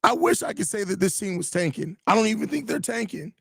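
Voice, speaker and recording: A man's voice: high voice, very animated, fast talker, creaky, a bit bright, husky, no echo, studio quality. A man hosting a sports podcast, venting in a frustrated, profane rant full of repeated phrases while reacting to listener comments. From Chicago area. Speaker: podcast host. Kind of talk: live podcast reacting to chat.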